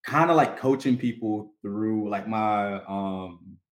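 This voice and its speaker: A man hosting a casual podcast chat, telling animated stories and laughing often. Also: fairly low pitch, takes it slowly. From North Carolina. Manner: animated storyteller, acts out voices, laughs often. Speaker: podcast host. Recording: echoey room.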